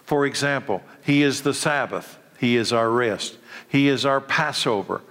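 A man's voice: mid-range voice, a little slow, fairly bright tone. A man teaching a sermon, reading scripture aloud and putting emphatic questions to his listeners. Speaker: Bible teacher. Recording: hall reverb.

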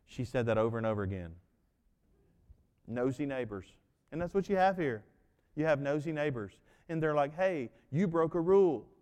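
A man preaching a sermon as pastor, folksy and animated, acting out voices as he tells stories. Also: medium pitch, normal speed, pauses often, clear, resonant tone. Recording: reverberant hall.

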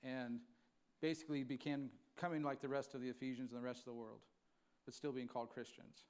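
A man preaching a sermon as pastor, folksy and emphatic, dropping low and quiet, then rising loud. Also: flat delivery, a little fast, smooth.

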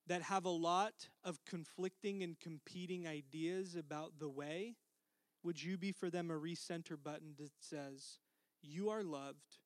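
A middle-aged man preaching a sermon as pastor, earnest, dropping to a soft hush for tender lines. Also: on the high side, dry recording.

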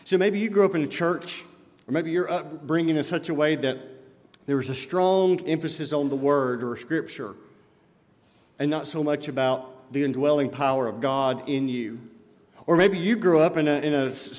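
Male pastor, earnest sermon delivery, slightly high voice, long church reverb. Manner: earnest preaching, rising emphatic on scripture. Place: church sanctuary.

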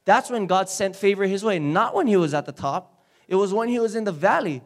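A man delivers a sermon in church. His voice sits high, and he preaches with energy, turning often to the congregation for a response. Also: lively intonation, a little fast. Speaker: speaker at a church service.

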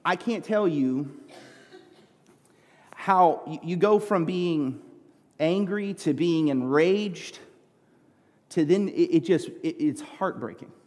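Earnest pastor in a reverberant church. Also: male voice, fairly high pitch, a little mellow. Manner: earnest, halting storyteller with many restarts. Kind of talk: sermon with a personal story. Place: church sanctuary.

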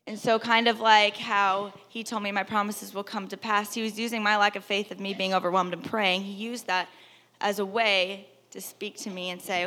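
A woman preaching a sermon in a church hall, talking conversationally, asking rhetorical questions and dropping at times to a soft hush. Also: mid-range voice, fairly even intonation, moderate pace. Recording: long reverb of a hall.

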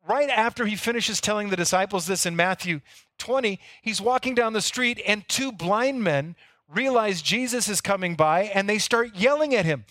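A man's voice: sits high, lively intonation, normal speed, a bit bright, no room sound, clean studio sound. A man preaching a sermon, telling the story earnestly and sometimes repeating words as he goes. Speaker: pastor.

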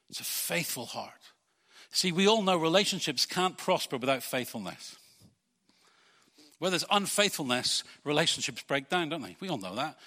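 A pastor preaching a sermon with a fairly high, bright voice. He fires rhetorical questions at the congregation and moves between loud urging and hushed earnestness. His words ring out with a long reverb, as in a church hall.

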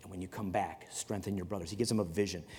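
A man's voice: sits low, fairly even intonation, quick pace, dark tone, husky. A man preaching a sermon in a conversational way, often repeating words and acting out stories. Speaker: pastor. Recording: long hall reverb.

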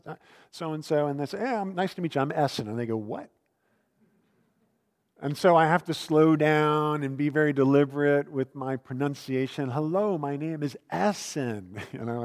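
A man in his fifties preaching a sermon, mixing scripture reading with relaxed, self-deprecating stories told in a conversational way. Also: medium pitch, long reverb tail. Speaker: pastor.

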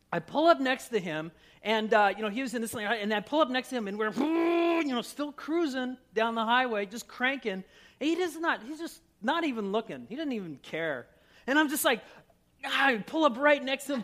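A middle-aged man from Minnesota, a pastor preaching a sermon with personal stories, animated and laughing at himself. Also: extremely high pitch. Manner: animated, self-mocking storyteller who laughs at himself.

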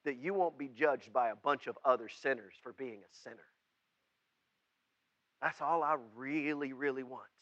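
A man preaching a sermon as pastor, folksy and plain-spoken, swinging from loud preaching to quiet, intimate asides. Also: medium pitch, normal speed, pauses often, no room sound, lo-fi sound. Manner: folksy and plain-spoken, with southern-style words.

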